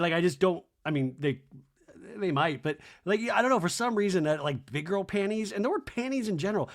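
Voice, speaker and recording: A man hosting a podcast, recapping a reality show in a rapid, gossipy comedic style. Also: high-pitched. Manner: rapid, gossipy, heavy on fillers. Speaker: podcast host.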